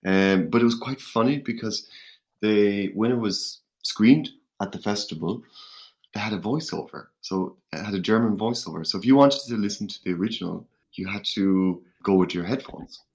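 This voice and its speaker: A man from Ireland, a podcast guest in casual chat, talking in a measured, hesitant way. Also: fairly low pitch, darkish tone.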